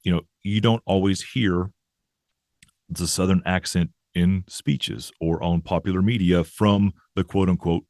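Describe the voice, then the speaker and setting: A man's voice: low-pitched, fairly even intonation, a little slow, darkish tone, no echo, clean studio sound. A man, a professor guest in an interview, explaining ideas thoughtfully with frequent restarts and "right?" tags. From American South.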